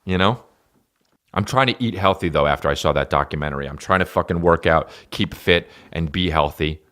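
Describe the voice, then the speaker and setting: Deep-voiced man ranting profanely. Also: a little fast. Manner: profane, rambling comic riffing with sudden loud jumps. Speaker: podcast host and stand-up comedian. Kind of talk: casual solo podcast rant.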